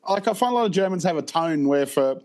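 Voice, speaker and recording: A man, a podcast co-host talking in a relaxed, rambling way with lots of fillers. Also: a little high, fast talker. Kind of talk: casual chat.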